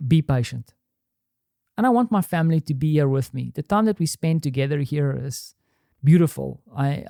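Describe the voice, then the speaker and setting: A middle-aged man thinking out loud in a candid, rambling solo monologue, restarting sentences and swearing now and then. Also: on the high side, creaky, dry recording, studio quality. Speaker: podcast host. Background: quiet home.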